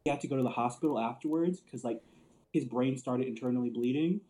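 A man's voice: medium pitch, fast talker, mellow, low-quality recording. A man telling wrestling stories in casual chat, loose and profane, laughing often and filling with "like". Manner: loose storyteller, swears a lot, laughs often, many "like" fillers. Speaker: podcast co-host.

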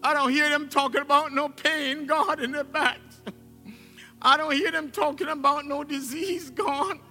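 A man's voice: very high voice, steady tone, measured pace, sharp tone. A male pastor preaching a sermon with exclamations, laughter and call-and-response, in a church sanctuary. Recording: long hall reverb, faint music.

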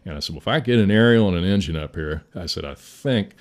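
This fast, animated, low-pitched man is a Midwestern fire chief. He's telling a war story in a folksy, laid-back way, occasionally swearing and chuckling.

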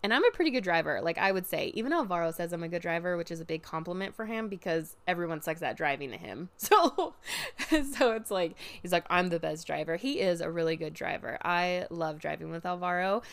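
A young woman ranting casually as a podcast host, swearing freely and bursting into loud outbursts. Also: fairly low pitch, brisk. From Oregon, US. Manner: animated, profane venting with sudden loud outbursts.

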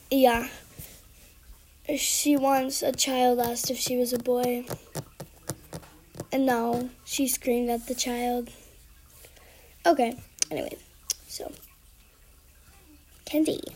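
Teen girl vlogging, slow and kinda unsure, says sorry a lot, high voice. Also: a little mellow, a little hiss or hum. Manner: hesitant and apologetic, many fillers. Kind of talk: casual skit vlog.

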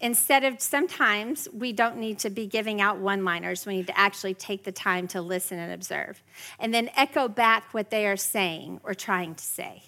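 A woman in her forties giving a lively parenting workshop to a room of parents, often mimicking her kids' whiny voices. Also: medium pitch, moderate pace. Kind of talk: live parenting workshop talk. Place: workshop room with a live audience.

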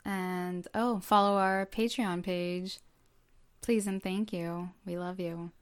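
A woman co-hosting a podcast tells a story at an unhurried, drawn-out pace. Her voice is smooth and clear and sits slightly low, and she fills her sentences with ums and likes as she chats. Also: steady tone. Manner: chatty storytelling with many fillers. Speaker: podcast co-host. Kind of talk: casual chat.

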